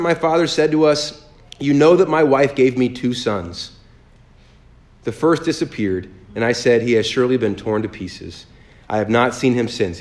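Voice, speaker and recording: A man leading a sermon as pastor, reading scripture aloud slowly and then preaching in a lively, joking way. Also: lowish voice.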